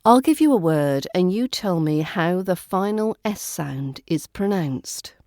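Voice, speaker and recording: Woman, British RP accent, accent coach, mellow voice, dry close sound. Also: lowish voice, lively intonation, no echo. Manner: slow, careful enunciation of single sounds. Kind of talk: podcast pronunciation lesson.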